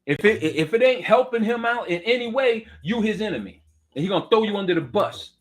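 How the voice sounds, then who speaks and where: A middle-aged political commentator delivers a heated rant in a high, animated voice at a fairly quick pace. He preaches with fire, repeats himself and fires direct questions at the listener.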